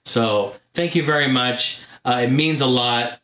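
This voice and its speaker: A man hosting his gaming channel, telling a story in a casual vlog monologue, animated and full of fillers. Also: medium pitch, unhurried. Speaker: YouTube gaming channel host. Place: home room. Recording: roomy echo.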